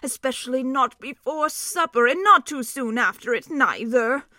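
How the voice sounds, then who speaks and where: A woman voicing a group of simple, hungry talking bears who speak in a loud, eager, blunt way. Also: sits high, normal speed, no room sound, studio quality.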